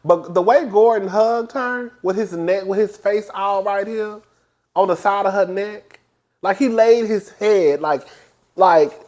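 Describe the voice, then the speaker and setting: A man reviewing a reality TV episode in casual, animated, gossipy commentary. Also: unhurried. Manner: animated, gossipy, acts out quotes in high voices.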